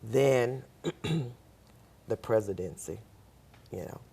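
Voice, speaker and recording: A woman's voice: extremely low pitch, lively intonation, slow, vocal fry, mellow, slightly rough. An older woman, a guest on a talk show, telling a personal story and acting out the voices of the people in it.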